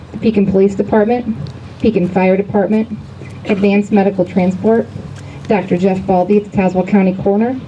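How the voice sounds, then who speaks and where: A woman announcing sponsors and instructions to students at an outdoor school assembly, in a clear, even manner over muffled audio. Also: medium pitch, a little hiss or hum. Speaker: event announcer. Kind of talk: public announcement reading a sponsor list.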